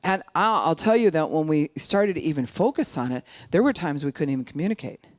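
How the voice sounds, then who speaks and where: An older speaker at an addiction recovery outreach gives an informal teaching talk, animated and sometimes slowing right down to make a point. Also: medium pitch, dry recording, studio quality. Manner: animated, acts out quoted voices, sometimes slows speech right down to demonstrate.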